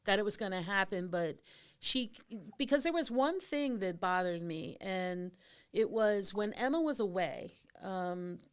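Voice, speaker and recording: A woman co-hosting a podcast, asking rambling, animated questions in casual talk. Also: medium pitch, a little slow, clean tone. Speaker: podcast co-host. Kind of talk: casual conversation.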